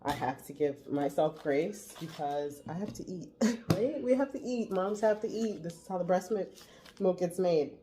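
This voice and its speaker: A woman's voice: on the low side, expressive, normal speed, background noise. A woman in her forties, a mother, chatting casually to the camera while she makes breakfast at home. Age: 40s. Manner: chatty, talks while cooking. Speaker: vlogger mother. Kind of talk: casual vlog talk. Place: home kitchen. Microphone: camera set on the counter.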